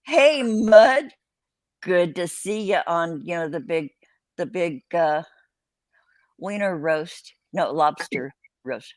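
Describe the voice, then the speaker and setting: An older woman with a fairly low voice hosts a casual live stream, rambling along and cussing without a second thought. The sound is dry and close, with no room around it. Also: slow pace, dry recording. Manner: salty, rambling, swears freely. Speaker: host.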